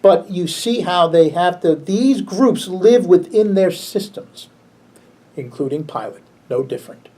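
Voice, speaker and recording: A man, a pastor, teaching a Bible class in a relaxed, conversational way, chuckling often and restarting his sentences. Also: sits high, takes it slowly.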